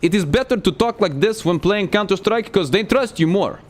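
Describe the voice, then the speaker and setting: A man's voice: sits high, lively intonation, normal speed, voice pushed up. A man putting on a mock Russian accent and broken English, playing a boastful online gamer. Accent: Russian, put on. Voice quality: broken English, clipped grammar.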